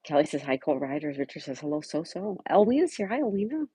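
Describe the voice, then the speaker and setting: A woman with a low, husky voice hosts a relaxed livestream, reading out viewers' comments and greeting them one by one. The sound is dry and close, with no room echo. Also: fast talker. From Buffalo, New York. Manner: greets viewers by name and chats back warmly. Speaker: livestream host. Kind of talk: casual live chat, reading viewer comments aloud.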